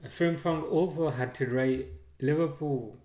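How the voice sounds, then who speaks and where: A man's voice: a little high, measured pace. Chatty man in an echoey room. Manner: relaxed, hesitant with many fillers; reads out and answers viewer chat. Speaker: live-stream host. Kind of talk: casual match commentary.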